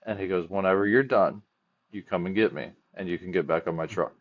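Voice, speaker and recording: Deep-voiced man telling earnest stories. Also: a little fast. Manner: earnest storyteller with frequent restarts. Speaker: firefighter and chaplain guest. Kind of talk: casual podcast conversation. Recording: dull lo-fi audio.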